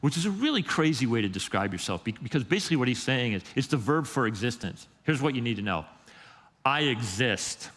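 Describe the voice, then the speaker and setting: Conversational pastor preaching in a church hall. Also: male voice, mid-range voice, very animated, quick pace, hardly any pauses, a bit bright. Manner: conversational, emphatic, repeats words while building a point. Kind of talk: sermon. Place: church sanctuary. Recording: long reverb of a church hall.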